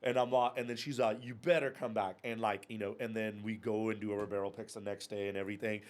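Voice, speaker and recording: An animated man in his thirties spins anecdotes as a podcast guest. He swears freely and laughs through his own story, speaking in a casual, unpolished way. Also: lowish voice, fast. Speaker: podcast guest, whiskey club and bar owner.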